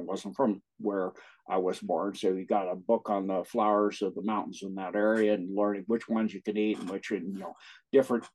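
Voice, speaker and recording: A man, an interview guest, telling personal stories in casual talk, with a husky voice and frequent laughs. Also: fairly low pitch, darkish tone, rough recording. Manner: laughs often while recounting.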